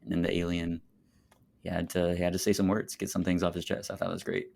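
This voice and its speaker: Low gravelly young man chatting about movies. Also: completely flat delivery, fast talker, a little mellow, slight background noise. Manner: enthusiastic, laughs often. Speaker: podcast co-host. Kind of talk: casual movie chat.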